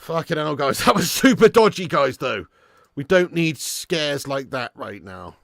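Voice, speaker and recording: High-pitched bloke doing a live footy watch-along, swears loads, dry close mic. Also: male voice, unhurried, creaky, dry recording. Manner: excitable, swears freely, swings from muttering to shouting. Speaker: fan channel host.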